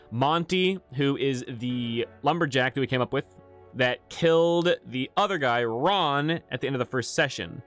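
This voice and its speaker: A man chats casually on his livestream as a game master, rambling through stories with frequent restarts and plenty of swearing. His voice sits at an ordinary middle pitch, with faint music playing behind him. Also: a bit bright.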